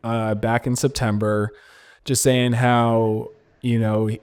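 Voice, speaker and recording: A man's voice: mid-range voice, level tone, takes it slowly, darkish tone, clear, resonant tone. A young man from San Diego, a DJ guest in a casual interview, telling a story animatedly with many fillers, restarts and laughs. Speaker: guest DJ and producer.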